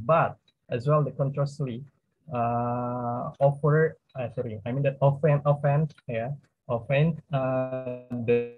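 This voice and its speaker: A young man with an Indonesian accent giving a class presentation as a student presenter, speaking haltingly with many fillers and self-corrections. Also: mid-range voice, breathy edge, dry recording. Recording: tinny phone-like dry recording.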